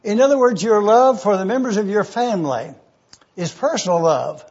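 A man preaching a numbered teaching sermon, speaking slowly and deliberately and repeating key phrases. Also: sits high, expressive, a little mellow, slightly rough, dull audio.

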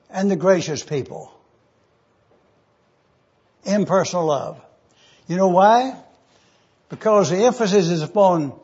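Male preacher, high husky voice, deliberate repeated phrasing, muffled recording. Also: darkish tone. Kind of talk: numbered teaching sermon.

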